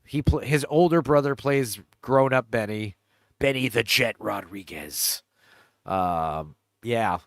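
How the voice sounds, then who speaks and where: A man's voice: mid-range voice, slow pace, no room sound, studio quality. A man hosting a casual movie riff, rambling with lots of fillers and laughs, cracking crude jokes. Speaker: podcast host riffing on a movie trailer. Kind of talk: casual chat.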